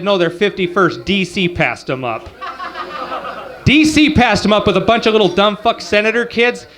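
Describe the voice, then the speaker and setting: There's a high, slightly bright voice to this forties-aged man working a club crowd. His stand-up is profane and crude, casual and full of asides to the audience.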